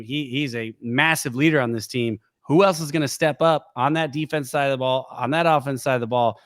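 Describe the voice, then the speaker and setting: A middle-aged man co-hosting a sports podcast in casual chat, an animated storyteller who jumps into high voices to act out quotes. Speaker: podcast co-host.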